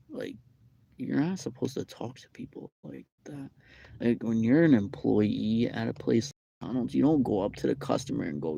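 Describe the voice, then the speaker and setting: A young man chats on a live stream, telling a long, looping story full of fillers and repeats. His voice sits low and has a gravelly edge, and the tone is dark and mellow. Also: very animated, moderate pace, no room sound. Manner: rambling, repetitive storytelling with many fillers. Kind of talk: casual live-stream chat. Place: McDonald's restaurant.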